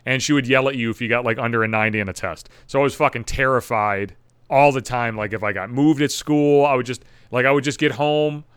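A man's voice: medium pitch, steady tone, a little fast, fairly bright tone, smooth, no room sound. A young man hosting a solo podcast, ranting bitterly and sarcastically with heavy swearing. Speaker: podcast host.

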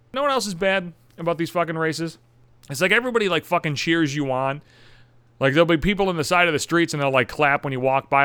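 A man's voice: a little high, fast, sharp tone, clean tone, no room sound. A man in his thirties ranting in a profane, self-deprecating comic monologue, exasperated and swearing constantly. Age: 30s.

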